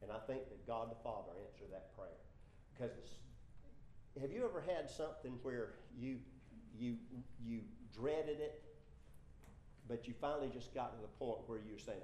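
A man's voice: mid-range voice, expressive, moderate pace, darkish tone, a little hiss or hum. Man preaching in an echoey room. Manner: conversational preaching with asides and humor. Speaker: pastor. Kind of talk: sermon.

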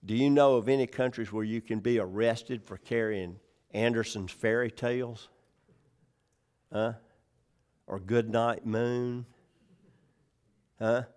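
A man's voice: mid-range voice, steady tone, slow pace, long pauses, darkish tone, clean tone. A man preaching a conversational verse-by-verse sermon, asking his listeners questions and adding folksy jokes. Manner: conversational, checks in with the congregation, asks questions; folksy humor. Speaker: pastor. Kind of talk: sermon, verse-by-verse Bible teaching.

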